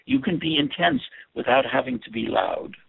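A man's voice: on the high side, huge pitch swings, moderate pace, gravelly, breathy edge. A man giving an earnest instructional talk on communication, often repeating words as he stresses his points. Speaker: communication teacher. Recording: tinny phone-like audio.

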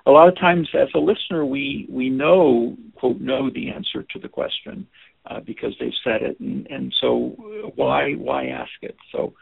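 Gravelly man teaching over a tinny line. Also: medium pitch, steady tone, a little slow, dry recording. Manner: gentle, hesitant, many restarts and fillers. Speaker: teacher of listening skills. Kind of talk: informal spoken lesson. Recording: dry, phone-like narrow sound.

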